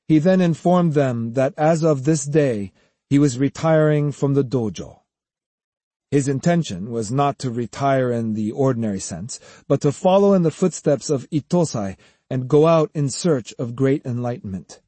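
A man narrates an audiobook in a steady, even storytelling voice. His tone is husky and dark, recorded close and dry. He keeps a slightly raised, calm delivery. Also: medium pitch, moderate pace, no room sound. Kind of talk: scripted narration.

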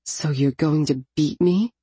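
A woman's voice: sits low, unhurried, mellow, slightly rough, no echo, heavily acted. A woman voicing a frightened captive young woman who pleads in a trembling voice.

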